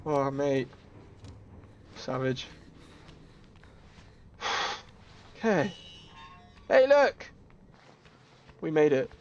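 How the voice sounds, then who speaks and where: A man streaming a horror game, talking in a jokey, excitable way with yelps and laughs. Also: mid-range voice, drawn-out words, long pauses, highs cut off, a little hiss or hum. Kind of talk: gaming commentary.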